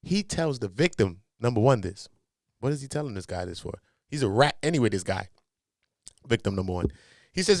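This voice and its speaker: A man with a Los Angeles accent giving casual, animated commentary, joking in heavy street slang and turning low and serious when explaining. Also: fast talker, no echo, clean studio sound.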